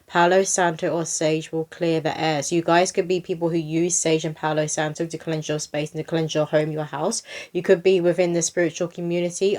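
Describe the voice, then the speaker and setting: Young woman, psychic reading host, slightly low voice, chatty. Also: darkish tone. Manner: chatty and flowing, reads rhyming poems aloud. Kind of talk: card reading to camera.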